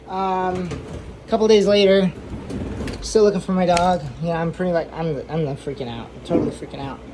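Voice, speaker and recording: A woman's voice: on the low side, steady tone, moderate pace, dark tone, a little hiss or hum, rough recording. A woman vlogging from her new fish room at home, telling a long story in a loose, rambling way with lots of fillers and repeats. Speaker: aquarium hobby vlogger. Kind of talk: casual storytelling vlog.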